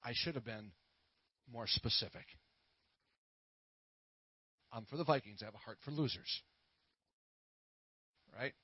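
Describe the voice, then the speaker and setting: A man's voice: medium pitch, measured pace, long pauses, husky, no echo, highs cut off. A middle-aged man, preaching a sermon with prayers, full of playful corny jokes. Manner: playful, corny jokes and laughs at his own puns.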